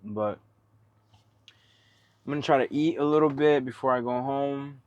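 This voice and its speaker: A man's voice: mid-range voice, moderate pace, a little mellow, smooth, dry recording, dull audio. A man who drives trucks, chatting casually for his vlog in a laid-back, slangy, rambling way while out at a truck yard.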